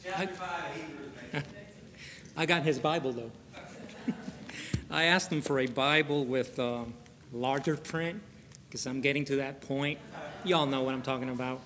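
A middle-aged man preaching a sermon as pastor, chatting in a folksy way, then reading scripture slowly and praying fervently. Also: medium pitch, fairly bright tone. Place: church sanctuary. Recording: long reverb of a large church hall.

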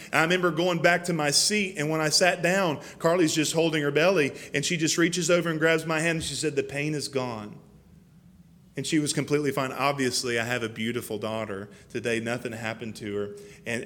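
A male pastor delivering an impassioned sermon, his voice sitting a little higher than most men's. He talks earnestly, doubling back on words as the feeling builds. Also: a bit bright.

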